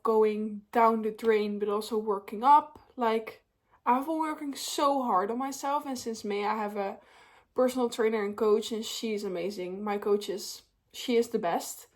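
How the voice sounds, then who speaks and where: A young woman talking openly to the camera at home in a casual vlog, tired and a little tearful, with many fillers. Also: a little high. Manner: open and emotional, many fillers. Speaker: vlogger.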